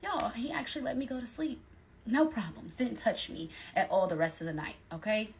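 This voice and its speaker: A young woman with a somewhat high voice tells a personal story straight to her viewers. She is casual and slangy, and keeps breaking into animated acted-out quotes. The delivery feels like a relaxed storytime chat. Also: a little fast, gravelly, a little hiss or hum. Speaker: storytime vlogger.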